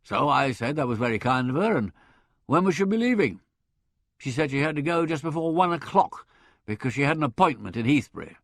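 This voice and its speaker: A man voicing a brash, hearty young Englishman in an audiobook, chatty and blustering, with loud laughs. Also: on the high side, sing-song, brisk, dry recording, studio quality. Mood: grumbling. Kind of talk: audiobook character voice.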